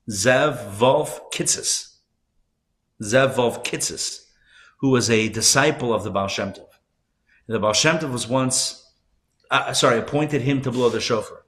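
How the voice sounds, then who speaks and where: A man, a rabbi, teaching a live class, telling stories conversationally with asides and self-corrections, his voice swinging between loud emphasis and soft hushed moments. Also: mid-range voice, a little slow, long pauses. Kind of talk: live class lecture with storytelling. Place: class room at a community center.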